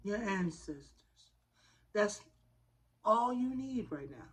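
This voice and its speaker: A woman's voice: mid-range voice, big pitch swings, slow pace. A woman giving a spiritual tarot reading in a fervent, preacher-like way, calling her listeners y'all. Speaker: tarot reader.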